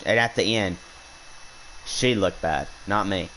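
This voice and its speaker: A man's voice: sits low, takes it slowly, fairly bright tone, a little hiss or hum, poor audio. A young man outdoors on a hunt, casually telling an indignant, rambling story with lots of restarts. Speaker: hunting vlogger. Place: outdoors while hunting.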